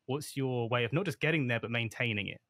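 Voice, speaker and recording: Relaxed male podcast host, dry sound. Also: medium pitch, quick pace, no echo. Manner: relaxed, asks long rambling questions. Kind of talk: casual podcast interview.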